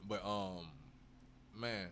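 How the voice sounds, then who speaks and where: A man's voice: on the low side, steady tone, extremely slow, a bit bright, a little hiss or hum. Laid-back, profane male webcast host. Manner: rambling, with frequent fillers. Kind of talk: casual crypto webcast talk.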